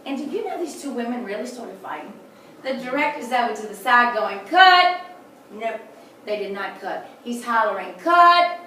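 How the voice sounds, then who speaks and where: A woman with a drawl leads a house tour in a chatty, folksy way. Her voice sits a little high. She is picked up from across a very echoey room, with a faint hum behind her. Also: brisk, a bit bright, recorded from a distance. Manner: chatty, folksy storytelling with jokes. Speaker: tour guide. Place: indoors in a large historic house.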